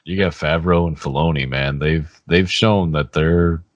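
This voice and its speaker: A man with a strikingly deep, low voice talks casually as a podcast co-host. He rambles in a relaxed way, laughing easily, and the sound is dry and close to the mic. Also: unhurried, no room sound, highs cut off. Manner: relaxed, laughs often, trails off. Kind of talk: casual chat.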